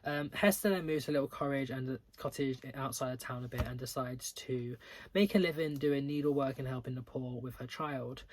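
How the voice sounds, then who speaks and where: Young male book reviewer, casual and rambling, prone to exasperated dramatic outbursts, mid-pitched voice. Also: fairly even intonation, brisk, slight background noise. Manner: chatty, full of "like" fillers and restarts.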